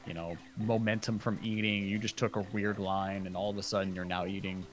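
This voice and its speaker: A man casually commentating a speedrun race, chatty and quick, with plenty of fillers. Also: lowish voice, little pitch movement, faint music behind.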